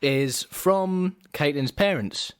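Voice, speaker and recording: A young man from England co-hosting a casual podcast, relaxed and deadpan, often trailing off quietly. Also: a little high, slow, clear, resonant tone, no room sound. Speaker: podcast co-host.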